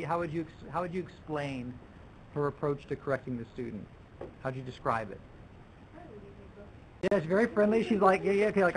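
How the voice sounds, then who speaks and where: A man with a gravelly, slightly raised voice leads a teachers' workshop, talking loosely with restarts and acting out quotes. A faint hiss runs under the recording. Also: on the high side, rough recording. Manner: conversational, with many restarts and acted-out student quotes. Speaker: language teacher leading a workshop. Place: lecture room.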